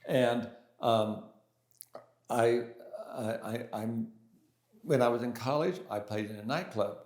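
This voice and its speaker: An older man speaks as an interview guest, recalling his past in a relaxed, halting way. He restarts his sentences often and fills the gaps with little hesitations. His mid-range voice carries a noticeable room echo. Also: mid-range voice. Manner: hesitant, many restarts and fillers. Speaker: interview guest, pianist and composer. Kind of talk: casual storytelling in an interview. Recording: roomy echo.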